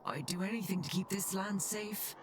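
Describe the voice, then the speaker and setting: A woman's voice: medium pitch, level tone, moderate pace, noisy background, close to an everyday voice. A woman voicing a worried Irish folk witch who guards the land with charms, speaking earnestly in a game. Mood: troubled.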